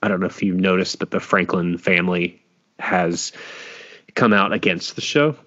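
A man's voice: deep voice, steady tone, moderate pace, sharp tone, lo-fi sound. A man hosting a podcast in casual chat, laughing often and trailing off into restarts. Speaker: podcast host.

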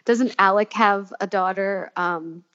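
A woman's voice: medium pitch, slow pace, fairly bright tone, lo-fi sound. A woman co-hosting a podcast, chatting in a gossipy, giggly way. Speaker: podcast co-host. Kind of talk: casual chat.

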